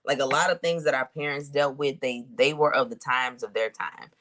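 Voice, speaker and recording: A woman giving a casual spiritual reading to her viewers, thinking aloud with drawn-out hums and pauses and talking to them in a colloquial, direct way. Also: rumbling low, steady tone, background noise. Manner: colloquial, addresses viewers as y'all. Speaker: intuitive reader.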